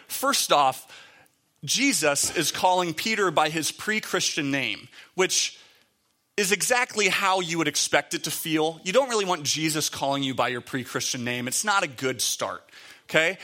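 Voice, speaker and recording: Bright-voiced man preaching casually. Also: a little high. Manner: conversational, with many fillers and restarts; reads scripture aloud. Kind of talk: sermon.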